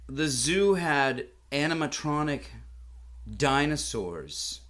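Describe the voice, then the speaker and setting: A middle-aged man telling a comic story in a deadpan, mock-solemn, formal way. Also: mid-range voice, slow pace. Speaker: comedian.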